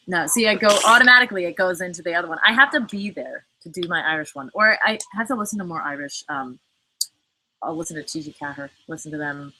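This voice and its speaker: Woman host, live chat, bright and cutting voice on the low side, rambling with fillers and casual swearing. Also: quick pace, slight background noise, rough recording. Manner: chatty, fillers, frequent cursing; reads and answers viewer comments. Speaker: livestream host.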